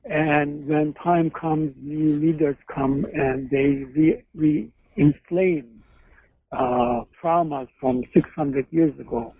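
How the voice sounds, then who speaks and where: Over phone-line audio with slight background noise, a man with a fairly high, gravelly voice talks in a conversational interview. As a guest author and psychoanalyst, he rambles through case stories, frequently hesitating and revising what he says.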